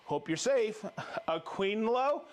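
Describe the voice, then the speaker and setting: A man hosting a live stream, joking and reading out viewers' names with excited whoops. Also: high-pitched, slow. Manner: upbeat, jokey, reads viewer names with whoops. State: recovering from a cold. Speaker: livestream host.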